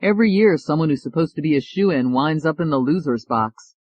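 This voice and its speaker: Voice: medium pitch, animated, fairly quick, dull audio, lightly acted. A narrator voicing an earnest young male lawyer who speaks in a subdued way.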